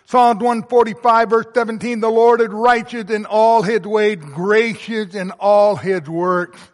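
A man's voice: sits high, steady tone, unhurried, long reverb tail. A male pastor preaching a sermon with emphatic, rising and falling delivery. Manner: emphatic preaching, swelling to loud emphasis then dropping soft.

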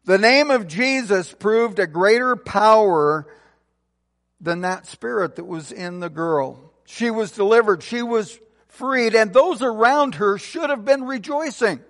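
Animated and a little slow, a man preaches as a pastor with earnest intensity, hitting emphatic peaks and softening into low endings, heard in a big-room acoustic.

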